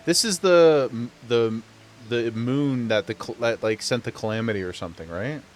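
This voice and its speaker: A man's voice: mid-range voice, moderate pace. A man streaming a video game from home, joking and laughing a lot as he chats and reads the game's dialogue aloud. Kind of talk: casual live gameplay commentary.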